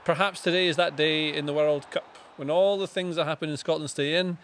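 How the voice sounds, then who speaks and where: A man with a voice sitting a touch higher than most, bantering casually on a live football watchalong. His humour is dry and deadpan, delivered with a straight face. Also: fairly quick, a little hiss or hum. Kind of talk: casual banter over a match stream.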